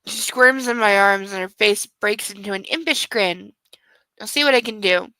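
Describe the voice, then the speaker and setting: A woman's voice: medium pitch, normal speed, sharp tone, clear, resonant tone, no echo, rough recording. A woman reading a novel aloud and breaking off into sarcastic, exasperated asides, in a close home recording. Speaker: book club reader. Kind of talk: comedic book reading with commentary.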